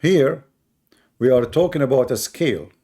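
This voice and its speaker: A man's voice: mid-range voice, animated, moderate pace, mellow. A man in a live online debate, combative and scornful, repeating points for emphasis in non-native English.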